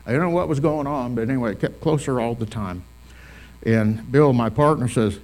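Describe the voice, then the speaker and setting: Male pastor, folksy eulogy storyteller, mid-pitched, repeats lines for weight. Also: fairly quick, a little mellow, rough recording. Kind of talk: funeral eulogy. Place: full funeral service hall.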